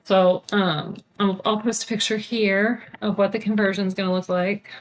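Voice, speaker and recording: Medium-pitched and flat in delivery, this woman talks at a moderate pace over slight hiss or hum. On her cross-stitch video podcast, which she co-hosts, she chats casually and bubbly about her craft supplies, using plenty of fillers, with a TV on behind her.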